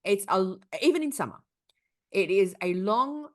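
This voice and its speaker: A young woman tells a story on a casual podcast, swearing freely as she goes. Her pitch swings widely and expressively, in a relaxed conversational tone. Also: a little slow. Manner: animated, profane storytelling. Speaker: podcast co-host. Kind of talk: casual chat.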